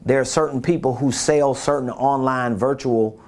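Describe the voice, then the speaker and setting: A man's voice: mid-range voice, fairly even intonation, normal speed, darkish tone. A man giving a casual business coaching talk, repeating his points and asking rhetorical questions.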